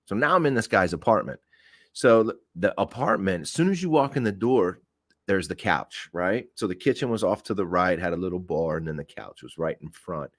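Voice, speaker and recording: Animated low-voiced man telling a story. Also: brisk, no room sound. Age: 40s. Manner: animated, laughing, swears freely. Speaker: podcast host. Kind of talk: casual storytelling.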